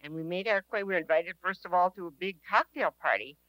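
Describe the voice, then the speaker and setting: A woman's voice: lowish voice, fast talker, fairly bright tone, no room sound, low-quality recording. A woman telling a personal testimony to an audience in an earnest, emphatic way, repeating her key phrases. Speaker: speaker at a prayer teaching session.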